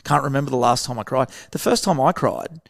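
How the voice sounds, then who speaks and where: In a casual podcast interview, an Australian man who founded a veteran program speaks earnestly at a brisk clip, his medium-pitched voice showing vocal fry. He acts out quick snippets of dialogue as he goes.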